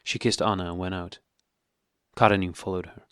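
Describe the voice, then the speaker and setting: Low-voiced male audiobook narrator. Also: steady tone, brisk, fairly bright tone, smooth, dry recording, studio quality. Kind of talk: scripted narration.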